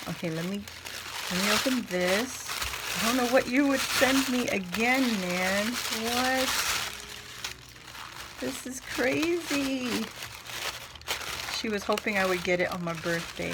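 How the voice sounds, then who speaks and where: Gushing, slow-talking woman vlogger. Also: lowish voice, noisy background. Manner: gushing and excitable, many exclamations. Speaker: crafting channel host. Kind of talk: casual unboxing vlog.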